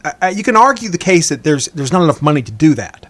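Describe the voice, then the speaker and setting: Halting, stammering male podcast host. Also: a little high, sing-song, fairly bright tone. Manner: halting, stammers and restarts a lot. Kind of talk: casual podcast interview.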